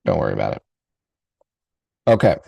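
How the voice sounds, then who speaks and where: A man's voice: rumbling low, very animated, normal speed, vocal fry, dark tone, dry recording. A man in his forties hosting a live podcast reaction stream, talking casually and rambling with frequent fillers. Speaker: podcast host.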